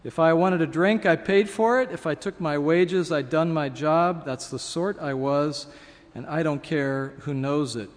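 A man voicing the ghost of a self-righteous working man who insists, loudly and sulkily, on his own decency. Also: fairly high pitch, unhurried, big-room sound, natural voice. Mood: boastful. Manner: indignant, insistent, sulky.

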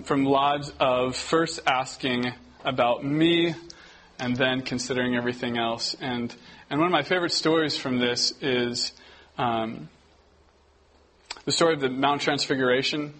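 A young man giving a casual, conversational sermon, often restarting his sentences and getting animated as he tells stories. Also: mid-range voice, poor audio. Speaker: preacher. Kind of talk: casual sermon to a youth group.

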